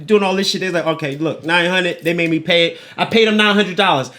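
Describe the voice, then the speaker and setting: Man, very high pitch, sharp bright tone; animated, profane podcast host spinning a story. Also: brisk. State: winded. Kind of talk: casual storytelling chat.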